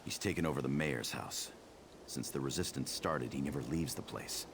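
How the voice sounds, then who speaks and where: Casting: gruff game rebel leader, extremely deep, gravelly, over steady background noise. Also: male voice, normal speed. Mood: urgent. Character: gruff male resistance leader in a video game. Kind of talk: game dialogue.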